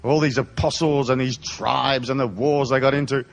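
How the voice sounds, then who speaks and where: A man's voice: mid-range voice, steady tone, normal speed, creaky, faint music behind. A man raised in Africa, giving a live seminar in an irreverent, profane, sardonic comic style. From raised in Africa, born in England. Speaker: seminar speaker. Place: live audience hall.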